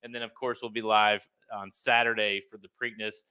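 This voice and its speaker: A man's voice: fairly low pitch, level tone, normal speed, sharp tone, smooth. A man in his thirties co-hosting a podcast, talking loosely and laughing often. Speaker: podcast co-host. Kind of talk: casual chat.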